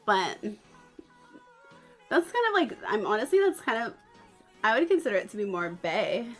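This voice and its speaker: A woman's voice: medium pitch, big pitch swings, normal speed, soft background music. A young woman from the Bay Area with a Northern Californian accent, chatting casually and giggling on a livestream, with lots of "like". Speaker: streamer.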